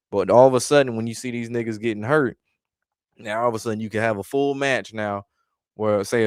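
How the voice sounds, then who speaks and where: Guy with a low smooth voice going off in a casual rant, cussing a lot, super dry sound. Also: dry recording. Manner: exasperated, blunt, heavy swearing. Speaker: wrestling commentary vlogger. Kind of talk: casual profane rant reacting to chat.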